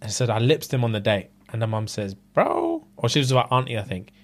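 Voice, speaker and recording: A man, co-hosting a casual podcast and telling a story in an animated way, full of slang and laughter. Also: lowish voice, fast. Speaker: podcast co-host. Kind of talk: casual chat.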